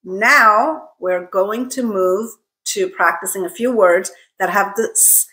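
A woman leads a pronunciation lesson at an unhurried pace, saying each practice word three times. Her delivery is careful and deliberate, with a mid-range voice suited to repeat-after-me drills. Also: mid-range voice, sharp tone. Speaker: English pronunciation teacher.

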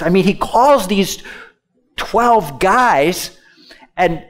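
High, lively-voiced male pastor preaching. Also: extremely slow, pauses often. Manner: swings between loud emphatic lines and hushed asides; leads the congregation in repeating words. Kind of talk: sermon.

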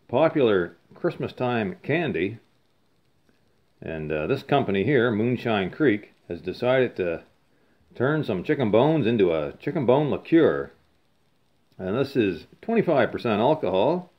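Chuckly folksy guy rambling on about bottles, voice goes all over, bit dull lo-fi sound. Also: fairly low pitch. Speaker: bottle digging vlogger. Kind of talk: casual chat with jokes.

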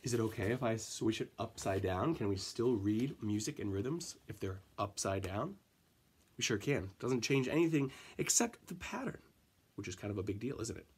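A man teaching a music lesson to children, counting in and chanting rhythm syllables with gentle encouragement. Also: on the low side, lively intonation, moderate pace, slight background noise.

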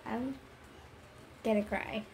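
A woman hosting her channel, reading a story aloud and giving halting, emotional reactions between bursts of laughter. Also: fairly high pitch, steady tone, a little hiss or hum. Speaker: channel host. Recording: music playing under the voice.

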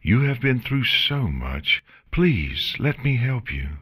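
A man voicing a gentle, motherly female pony princess in an audiobook, soft-spoken and soothing. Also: medium pitch, sing-song, slow pace, breathy edge, dry recording, clean studio sound, pitched above the performer's own voice, heavily acted. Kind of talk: audiobook character voice.

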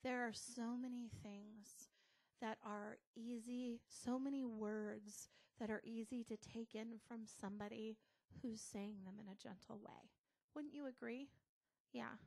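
Slow-speaking American woman pastor. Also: a little high, fairly even intonation, gravelly, a little mellow. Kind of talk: casual sermon.

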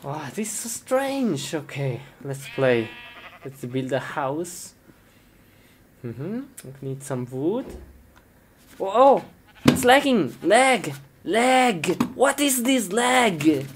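A low-pitched woman with a voice that leaps up and down, drawling slowly through a comedic skit. She exclaims often and speaks simple, non-native English. Steady noise and clicks run under the recording. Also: gravelly. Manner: excitable, with frequent exclamations and laughs. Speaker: sketch performer. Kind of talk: comedic live-action skit.

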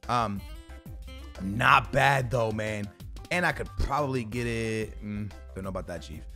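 A young man giving casual, slangy commentary on a video game, bursting into shouts at big moments. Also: lowish voice, measured pace, soft background music. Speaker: gaming YouTuber.

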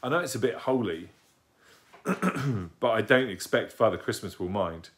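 A man's voice: on the low side, lively intonation, unhurried. A man reading aloud and voicing a chatty, bossy little girl who explains things eagerly. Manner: eager, explaining, matter-of-fact.

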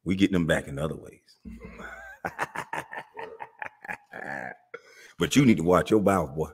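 A man's voice: low voice, takes it slowly, a little mellow, breathy edge. A man hosting his own channel, delivering a heated, confrontational monologue in street slang. He mocks listeners and repeats himself as he calls them out. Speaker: channel host.

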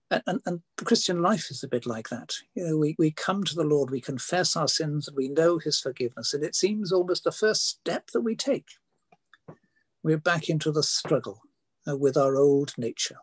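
A man's voice: a little high, husky, no echo. An older man preaching a sermon, telling homely stories with frequent fillers and restarts. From Wales.

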